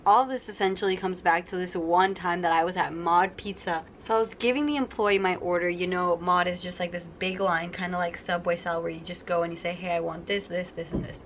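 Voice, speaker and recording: A woman's voice: fairly low pitch, steady tone, a little fast, few pauses, slight background noise. A young adult woman vlogging casually to camera, telling stories and acting out the people in them. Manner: chatty storytelling, acts out quoted people. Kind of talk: casual sit-down vlog.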